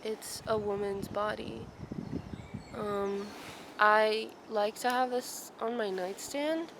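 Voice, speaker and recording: A young woman vlogging outdoors in a forest, talking in a soft, reflective, rambling way with many ums and self-corrections. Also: mid-range voice, fairly even intonation, takes it slowly, creaky, noisy background. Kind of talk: casual vlog chat.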